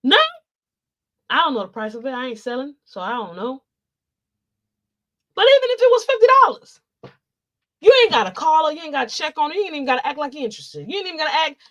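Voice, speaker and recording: Talking fast and very animated, a woman with a high voice delivers casual vlog commentary. Her speech is a loud, profane, exasperated rant.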